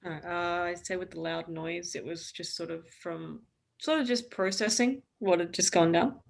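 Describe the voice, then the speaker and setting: A woman's voice: on the low side, steady tone, normal speed, gravelly. A woman playing a tabletop game, describing her character hesitantly and thinking aloud. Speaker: player.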